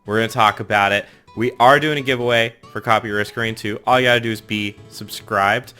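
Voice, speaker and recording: A man's voice: fairly low pitch, steady tone, a little fast, pushed and bright, smooth, faint music behind. A man hosting a casual group chat, joking and laughing mid-sentence. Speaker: podcast host.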